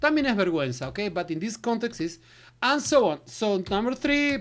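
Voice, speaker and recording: A woman's voice: fairly high pitch, very animated, a little slow. A woman, an English teacher talking through textbook exercises, filling gaps with nonsense syllables. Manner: filler syllables, switches to Spanish. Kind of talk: recorded lesson walkthrough.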